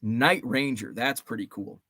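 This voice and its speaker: A man's voice: medium pitch, measured pace, sharp tone, breathy edge, no echo, studio quality. A man around forty hosting a casual livestream, rambling through memories, greeting chat viewers by name and swearing mildly. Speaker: host.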